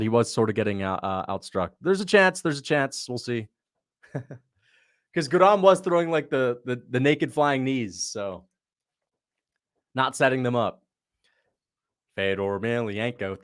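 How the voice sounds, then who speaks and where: A chatty young man hosts a livestream, reacting to fights in casual commentary with a medium-pitched voice. He's loose and quick to laugh, reading out donations, and the recording is dry with clean studio sound.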